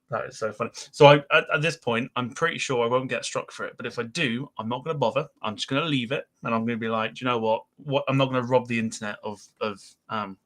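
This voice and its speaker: A British man hosting a casual live aviation podcast, laughing often and chatting with guests. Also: mid-range voice. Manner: laughs a lot, giggly and animated. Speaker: podcast host. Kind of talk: casual live-stream chat.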